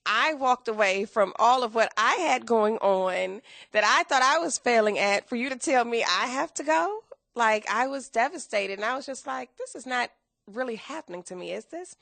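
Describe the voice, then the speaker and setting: Woman in her 30s telling her story on a podcast, lively, kinda high and gravelly. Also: moderate pace, few pauses, no room sound. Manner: animated, acts out quoted dialogue with laughs. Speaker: interview guest, entrepreneur. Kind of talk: casual storytelling interview.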